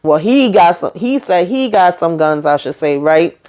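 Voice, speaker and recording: A woman recapping a TV episode for her channel from home, in a chatty, animated way, acting out the characters' lines and making asides to her viewers. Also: lowish voice, normal speed. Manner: animated retelling, acting out dialogue in quotes. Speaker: YouTube TV recap host.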